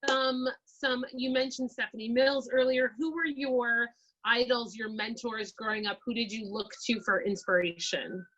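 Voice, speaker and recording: Woman host, bright higher voice, encouraging, kinda muffled lo-fi audio. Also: fairly even intonation. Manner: encouraging, quick back-channel prompts. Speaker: interview host. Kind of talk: casual interview.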